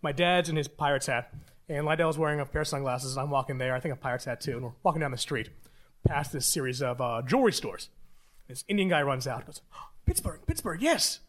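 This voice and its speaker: A man who is a guest on a talk show, telling relaxed anecdotes and acting out the quotes in them. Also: mid-range voice, fast talker.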